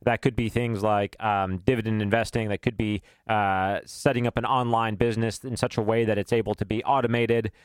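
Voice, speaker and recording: A man hosting a podcast, giving advice in a measured, thoughtful way with frequent fillers. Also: fairly low pitch, level tone, smooth, dry recording. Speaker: podcast host.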